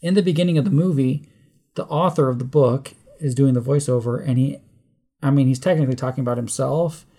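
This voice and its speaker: A man's voice: mid-range voice, brisk, dark tone. A man co-hosting a movie podcast, rambling and catching himself mixing up names. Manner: rambling, trips over names and corrects himself. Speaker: podcast co-host. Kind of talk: casual chat.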